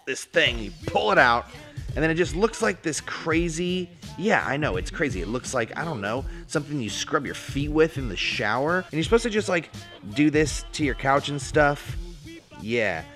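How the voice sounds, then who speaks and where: A man's voice: fairly high pitch, lively intonation, normal speed, fairly bright tone, soft background music. A young man giving a goofy, playful pet-product review vlog, breaking into silly voices. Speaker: vlogger.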